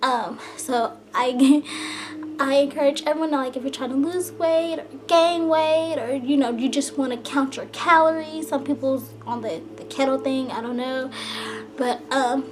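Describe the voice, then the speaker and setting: A young woman talking fast and a little out of breath, chatting casually to her camera, full of "like" and "you know.". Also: sits high, music in the background. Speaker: vlogger.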